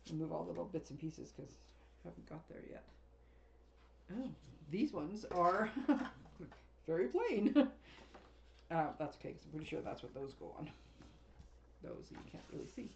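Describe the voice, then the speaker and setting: A woman's voice: deep voice, lively intonation, moderate pace, creaky, long pauses, dull audio, a little hiss or hum. A woman craft demonstrator chatting casually as she unboxes and sorts a paper craft kit, rambling and often laughing.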